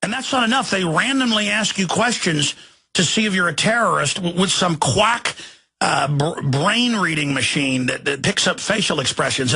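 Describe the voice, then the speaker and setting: A middle-aged man hosting a talk radio show, ranting angrily, often shouting and turning sarcastic. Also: a little high, gravelly, husky. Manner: angry, shouting rants with sarcastic asides.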